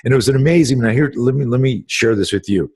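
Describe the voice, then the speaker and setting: A man's voice: mid-range voice, quick pace, a little mellow, slightly rough. A middle-aged man, a self-defense instructor, telling a story on a podcast in an intense, blunt way, swearing freely and restarting sentences.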